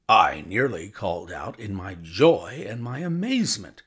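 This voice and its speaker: Man, audiobook narrator, low voice, lively pitch, expressive. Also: measured pace, breathy edge. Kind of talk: scripted narration of a classic story.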